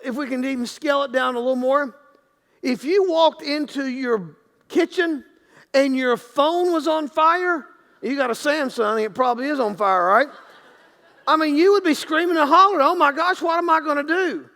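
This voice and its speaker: High-voiced gravelly pastor preaching. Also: male voice, animated, normal speed, a bit bright, in a large hall. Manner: conversational preaching with frequent restarts and acted-out quotes. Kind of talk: sermon. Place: church sanctuary.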